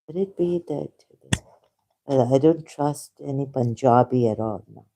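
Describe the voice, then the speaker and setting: A man hosting a rambling livestream monologue, emphatic and indignant, halting often with fillers. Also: medium pitch, mellow. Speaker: channel host.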